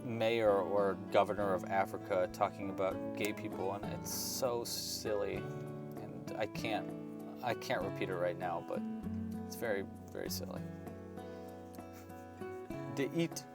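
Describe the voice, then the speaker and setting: A man's voice: fairly low pitch, fairly even intonation, unhurried, creaky, loud music behind the voice. A man hosting a casual crochet livestream, chatting loosely with many fillers and restarts and counting stitches aloud under his breath.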